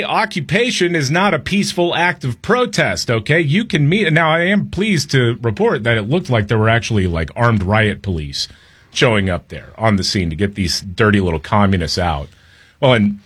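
A man's voice: on the low side, fairly bright tone, slightly rough. A man co-hosting a political talk radio show, giving blunt, heated, rambling commentary.

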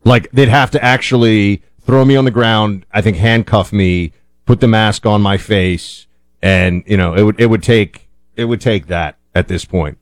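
Sardonic low-voiced radio co-host man. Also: unhurried, dry recording, clean studio sound. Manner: sardonic, emphatic. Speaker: radio talk show co-host, author. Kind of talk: conversational radio talk.

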